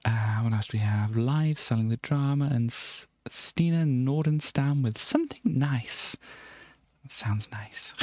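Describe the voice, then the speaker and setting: A woman's voice: a bass voice, a little slow, few pauses, mellow, dry recording. Rambling woman streamer, dry sound. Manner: rambling, chuckling, with frequent ums and self-corrections. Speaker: livestream host. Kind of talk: casual stream chat reading out old music charts.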